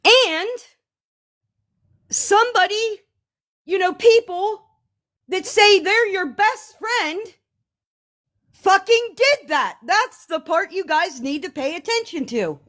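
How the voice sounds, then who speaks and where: A woman on a live stream, ranting to her viewers in a heated, profane, sarcastic way, often slowing down to stress her words. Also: extremely high pitch, expressive, a bit bright. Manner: slow emphatic pauses.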